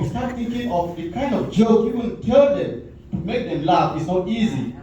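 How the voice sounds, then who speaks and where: A man with a high, mellow voice works through a stand-up set, halting and conversational, often repeating himself. The sound is roomy and distant, caught from across the comedy club. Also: animated, slight background noise.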